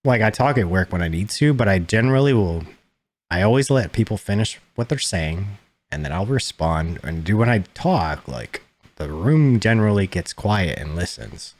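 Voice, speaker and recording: A young adult man co-hosting a podcast, talking in a calm, low-key way and swearing casually. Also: normal speed, dry recording. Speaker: podcast co-host. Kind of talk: casual chat.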